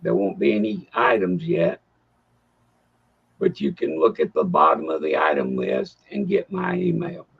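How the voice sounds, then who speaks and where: A man co-hosting a coin auction livestream, talking in a rambling, halting, folksy way. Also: deep voice, wildly swooping pitch, creaky, husky, lo-fi sound. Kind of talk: casual livestream chat.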